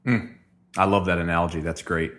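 The podcast host's voice sits low, with a level tone, fairly quick pace and a slight brightness. In this casual interview he keeps asking long, meandering questions and restarting them.

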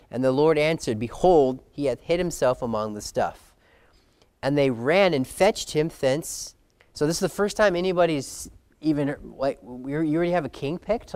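A man's voice: on the high side, darkish tone, no echo. A man preaching a sermon in a conversational way, reading verses aloud and acting out quoted voices.

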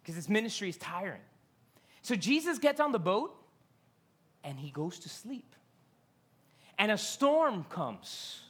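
A pastor preaching a sermon in a casual, joking way, with many fillers, acted-out quotes and sudden swings between loud highs and hushed lows. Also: sing-song, a little slow, long pauses, husky.

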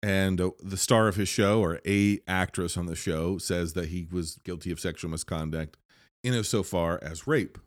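In a low voice and at a moderate pace, a man loosely walks through the plot of a horror film as a reviewer. His talk meanders and is packed with fillers like "like," recorded in a clean studio with no room sound.

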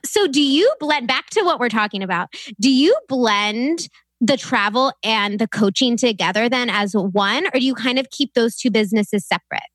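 A young woman co-hosting a podcast, chatty and laughing often, with sudden quick bursts of talk. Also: on the high side, animated, fairly bright tone, dry recording. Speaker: podcast co-host. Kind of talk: casual chat.

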